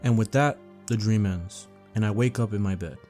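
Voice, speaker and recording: A man calmly narrating a first-person dream story for sleeping, in a steady, low-key way. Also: normal speed. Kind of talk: calm bedtime story reading. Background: faint background music.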